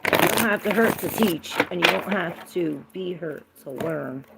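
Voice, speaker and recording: A woman tarot reader in a casual livestream chat, rambling between her thoughts and greeting viewers by name, with a gravelly voice. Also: on the low side, measured pace, very noisy.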